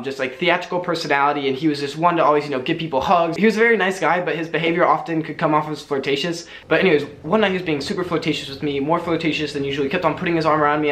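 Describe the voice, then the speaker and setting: A young man telling a personal story to the camera, earnest and quick, with lots of "like" fillers. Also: a little high, a bit bright, echoey room. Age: young adult. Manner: fast, earnest, filler-heavy with frequent "like". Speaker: vlogger.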